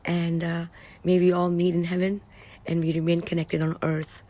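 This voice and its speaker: Woman, livestream host, earnest, excitable, drops to whispers, lowish voice, phone mic. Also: moderate pace. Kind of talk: casual spiritual livestream talk. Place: indoors, live stream in England.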